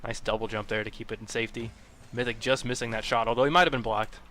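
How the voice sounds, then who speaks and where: Bright-voiced male esports caster. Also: mid-range voice, steady tone, slight background noise. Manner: quick play-by-play, jokey. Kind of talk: live game commentary.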